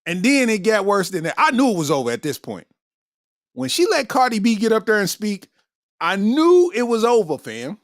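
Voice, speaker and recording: A male comedian hosting a podcast, riffing in an animated, slangy monologue and laughing often. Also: high voice, moderate pace, dry recording, clean studio sound.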